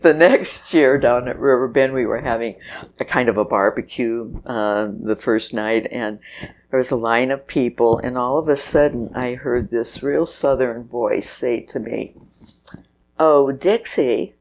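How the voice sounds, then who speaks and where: A guest on an interview show, an older woman who organizes festivals, laughs her way through chatty stories. She speaks at a measured pace in a rumbling low, darkish voice.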